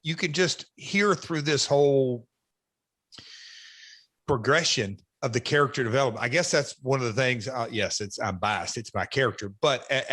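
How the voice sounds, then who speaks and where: A man's voice: mid-range voice, fairly bright tone. A middle-aged man, a former wrestler and promoter, chatting as a guest in a casual interview, rambling and reflective with many fillers.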